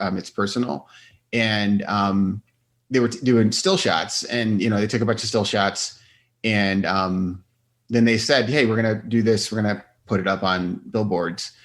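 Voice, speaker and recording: A middle-aged man, a doctor and podcast guest, telling stories in casual chat and acting out what people said. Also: medium pitch. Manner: animated storyteller, acts out quotes with laughs.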